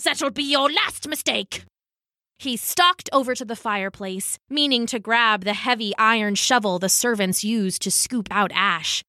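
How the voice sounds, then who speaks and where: A woman reading a children's storybook aloud in an expressive, unhurried way. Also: mid-range voice, no echo. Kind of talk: storybook read-aloud narration.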